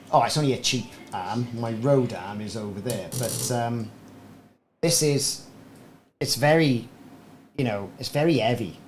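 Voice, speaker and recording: Medium-pitched and a little mellow, a man rambles through casual live stream chat about gaming, frequently self-deprecating. He uses a desk podcast microphone in a small room at home, and a fan whirs faintly in the recording.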